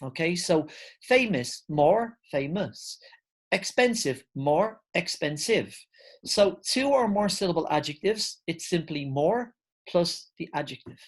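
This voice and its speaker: A woman's voice: fairly low pitch, lively intonation, slow, breathy edge. A woman teaching English grammar, explaining patiently, spelling words out and checking in with "okay?".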